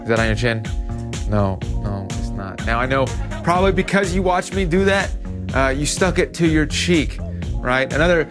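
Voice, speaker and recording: A man gives a youth sermon in a casual, conversational way and tells stories with animation. His voice sits at a middle pitch. Faint music plays underneath. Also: expressive, moderate pace. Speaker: youth pastor.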